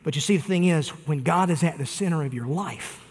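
A man's voice: fairly high pitch, brisk, darkish tone. Earnest male preacher in a reverberant hall. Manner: earnest preaching with direct appeals to listeners. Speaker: pastor. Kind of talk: sermon.

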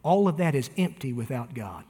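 A man's voice: medium pitch, sing-song, normal speed, warm tone, in a large hall. A man preaching a sermon, talking earnestly and appealing directly to his listeners. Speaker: pastor.

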